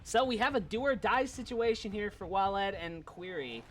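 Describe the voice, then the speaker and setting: A man casting a live esports match with play-by-play commentary, getting excitable as fights build. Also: normal speed, a little hiss or hum. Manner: excitable, builds in pitch and volume during fights. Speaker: esports caster.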